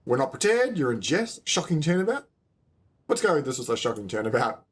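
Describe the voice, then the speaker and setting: A man's voice: medium pitch, big pitch swings, brisk, slightly rough. A man with a New Zealand accent hosting a game video, chatting casually and explaining as he goes. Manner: upbeat, rambling, explaining as he goes. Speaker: let's play host.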